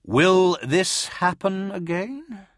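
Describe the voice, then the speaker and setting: A man's voice: high voice, lively intonation, a bit bright, no echo, studio quality, pitched above the performer's own voice, full character voice. A man voicing a stern male officer who demands answers. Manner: demanding, slow.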